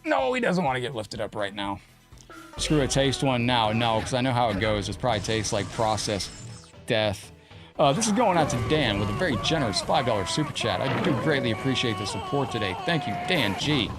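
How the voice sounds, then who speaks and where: A man's voice: medium pitch, very animated, a little fast, over music. A man streaming a fighting game, chatting casually with viewers and talking sweetly to his cat. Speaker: gaming streamer. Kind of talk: casual live-stream chat.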